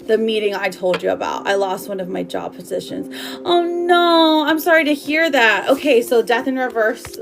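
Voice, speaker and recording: A woman's voice: a little high, animated, normal speed, vocal fry, music in the background. A woman doing a live tarot reading for viewers, bubbly and affectionate, chatting loosely with lots of fillers and laughs. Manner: affectionate, calls viewers girl and my love. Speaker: tarot reader.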